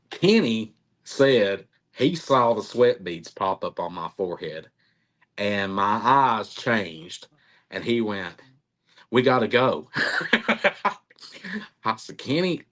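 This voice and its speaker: A middle-aged man in an interview, telling a story in an animated way, acting out quotes and laughing often. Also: lowish voice. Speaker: interviewee, cryptid researcher.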